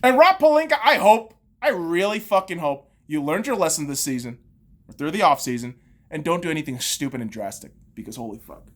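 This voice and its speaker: A woman's voice: sits low, expressive, a little fast. A woman podcast host, in her thirties, on a heated and profane sports rant full of sarcastic jabs.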